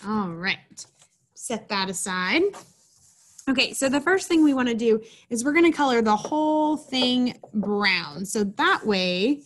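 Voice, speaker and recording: A woman with a fairly high voice leads a children's program, reading a storybook and explaining a craft step by step. Her delivery is chatty and instructive, pitched at young listeners. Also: animated, measured pace.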